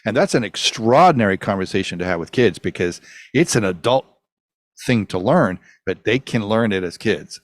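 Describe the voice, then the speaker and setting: A male interview guest with a low voice who explains an idea confidently and with emphasis. The recording sounds dry and close, with no room echo. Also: expressive, moderate pace. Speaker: guest, hypnotherapist. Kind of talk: conversational interview.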